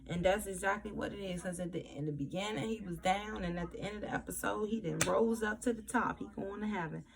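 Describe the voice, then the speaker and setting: Gravelly-voiced woman recapping a TV episode. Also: mid-range voice, fast, a crowd in the background. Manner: animated retelling, acts out characters' lines. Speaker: TV episode reviewer. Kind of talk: casual recap to camera.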